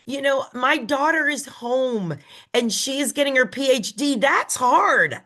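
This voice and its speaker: Middle-aged lady team leader, slow heartfelt pep talk, kinda high and bright. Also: animated. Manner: emphatic, emotional, slow and deliberate. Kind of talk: motivational talk.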